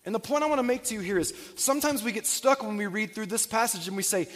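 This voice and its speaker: A man's voice: sits high, fast talker, a bit bright. A man preaching a Sunday sermon to his congregation, often checking in with questions to the room. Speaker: pastor. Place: church sanctuary. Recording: long reverb of a church hall.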